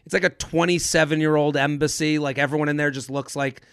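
A young man hosts a relaxed podcast chat, his voice pitched high with a gravelly edge. He rambles through stories, backing up and restarting his sentences. The sound is dry and close. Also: quick pace, no echo. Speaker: podcast host.

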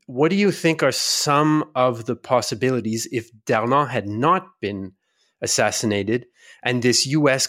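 A man's voice: medium pitch, a bit bright. A man hosting a podcast interview, asking curious, rambling questions with restarts. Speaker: podcast host.

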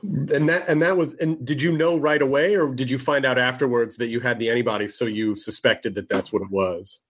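A man hosting a podcast, excitable and quick to swear while telling stories. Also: mid-range voice. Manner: excitable, swears freely, animated storytelling. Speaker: podcast host. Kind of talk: casual podcast chat.

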